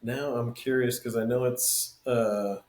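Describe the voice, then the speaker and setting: A man with a mid-range voice telling relaxed stories on a casual podcast. He laughs along and pauses to dig up details as he goes. His voice carries a roomy echo. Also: mid-range voice. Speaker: podcast co-host. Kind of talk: casual chat.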